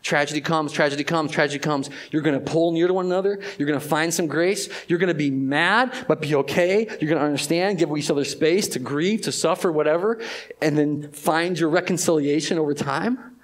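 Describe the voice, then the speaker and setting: Speaking in a slightly high voice, a pastor talks conversationally to his church in a sermon, alternating loud, emphatic moments with quiet, stretched-out phrases.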